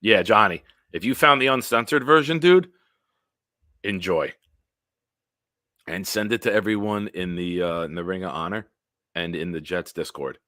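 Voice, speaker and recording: A man hosting a casual solo livestream, telling stories in a rambling, animated way with big swings in loudness. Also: deep voice, normal speed, pauses often, no echo, studio quality. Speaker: livestream host.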